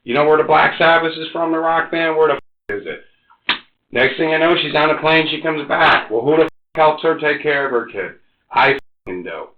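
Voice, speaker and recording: A man in his forties under police interrogation, ranting and cursing, swinging between loud outbursts and low mutters. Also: moderate pace, slight background noise. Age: 40s. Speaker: interrogation suspect. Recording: echoey, muffled interrogation room recording.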